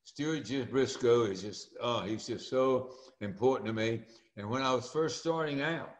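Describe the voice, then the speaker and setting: An older man, telling stories in a folksy, animated way as an interview guest. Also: mid-range voice, moderate pace, echoey room. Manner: folksy and animated, acts out quoted voices. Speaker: interview guest, former speaker and coach. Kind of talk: storytelling interview.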